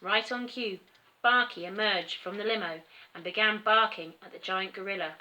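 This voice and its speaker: A woman teacher with an English accent reading a storybook aloud to children in an expressive way, pausing to point out the pictures. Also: medium pitch, highs cut off. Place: school.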